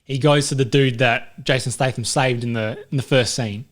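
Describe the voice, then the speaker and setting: A man co-hosting a movie review podcast, talking fast and mocking the film with put-on voices. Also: medium pitch, steady tone. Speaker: podcast co-host. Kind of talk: casual movie review chat.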